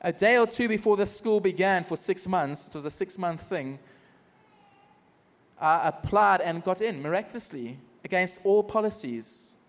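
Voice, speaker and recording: High-voiced South African man preaching. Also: moderate pace, long reverb tail. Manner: animated storytelling with self-mocking humor. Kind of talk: personal testimony sermon. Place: church service.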